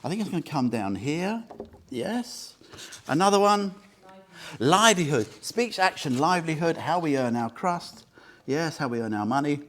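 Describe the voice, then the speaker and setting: A Buddhist teacher in a meditation centre room gives a small group an informal talk, chatting, joking and often quizzing his listeners. His voice is fairly high and fairly bright, with lively intonation and a moderate pace.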